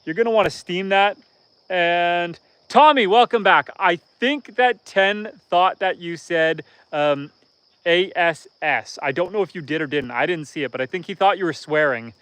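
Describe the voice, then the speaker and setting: Laid-back Canadian man, slightly higher voice, for a casual outdoor homestead livestream host. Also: moderate pace, fairly bright tone, smooth, dry recording. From northern Canada. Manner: easygoing and rambling, reads viewer comments aloud.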